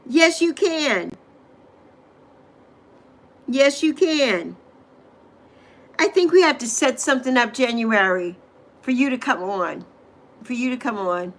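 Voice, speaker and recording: A woman's voice: high-pitched, takes it slowly, a bit bright. A middle-aged woman hosting a casual livestream, greeting viewers by name and repeating phrases with gushing affection. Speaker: livestream host.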